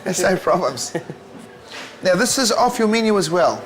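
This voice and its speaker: A man's voice: high-pitched, big pitch swings, moderate pace, slight background noise. A man, a chef host tasting and scoring dishes with an upbeat, jokey manner. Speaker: chef judge and show host. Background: music.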